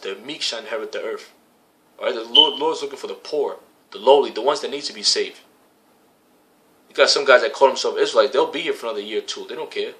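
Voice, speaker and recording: A man with a bright, forceful voice preaching in loose street talk. He swears freely, quotes scripture and hammers his points home with repeated phrases. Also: medium pitch. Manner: profane and slangy, repeats phrases for emphasis. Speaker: religious camp member preaching. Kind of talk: casual street-style preaching.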